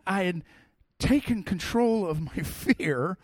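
A middle-aged man preaching a sermon, telling personal stories in an animated way that swings from loud to soft. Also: high-pitched, measured pace, few pauses, dry recording, studio quality. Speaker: pastor.

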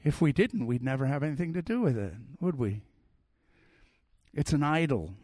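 Middle-aged guy preaching, lively storyteller, kinda high voice, dry sound. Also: normal speed, dry recording. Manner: animated storyteller, swings from loud to soft. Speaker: pastor. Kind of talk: sermon with personal stories.

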